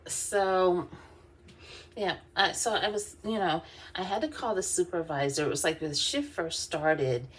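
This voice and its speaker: A woman's voice: lowish voice, a little slow, husky. A woman vlogger, telling a work story in a casual, chatty way, with lots of fillers and laughs. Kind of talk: casual storytelling while doing her hair.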